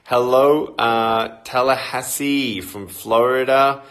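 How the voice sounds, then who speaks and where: A middle-aged Australian man chatting casually on a phone livestream, greeting viewers by where they are and filling pauses with ums and uhs. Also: medium pitch, fairly even intonation, a bit bright. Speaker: motivational speaker. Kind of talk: casual live-stream chat.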